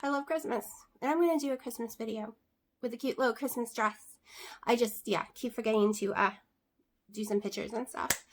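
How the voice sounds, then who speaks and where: High-voiced chatty woman vlogger. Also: fairly even intonation, a little fast, slight background noise. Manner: chatty, many fillers and asides. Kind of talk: casual chat to camera.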